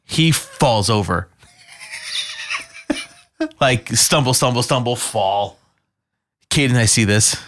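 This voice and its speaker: A man telling a story in a casual podcast chat, swearing freely, laughing often and shouting when he quotes himself. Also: medium pitch, slow, pauses often, slight background noise.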